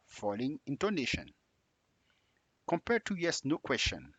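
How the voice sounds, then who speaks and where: Male English teacher, slow deliberate delivery, husky voice, dry close sound, lively exaggerated pitch on question tags. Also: no room sound. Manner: drills example sentences with exaggerated rising tags. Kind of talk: slow spoken grammar lesson.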